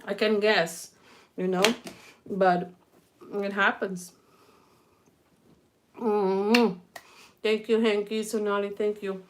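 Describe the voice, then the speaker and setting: A woman's voice: medium pitch, little pitch movement, slow, long pauses, noisy background. Chatty woman cooking live. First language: Portuguese. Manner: chatty, laughs often, speaks straight to viewers. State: feeling weak and ill. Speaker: cooking channel host. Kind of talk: live-stream cooking chat. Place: home kitchen.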